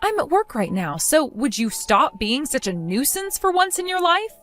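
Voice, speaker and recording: A woman's voice: high voice, very animated, normal speed, fairly bright tone, soft background music. A woman playing a sarcastic, fed-up young wife. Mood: dismissive. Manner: sarcastic, mocking, dismissive.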